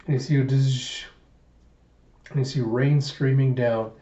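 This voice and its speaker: A man's voice: medium pitch, steady tone, unhurried, dark tone, reverberant, muffled recording. A man casually retelling a manga chapter in loose, run-on narration. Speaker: manga reviewer.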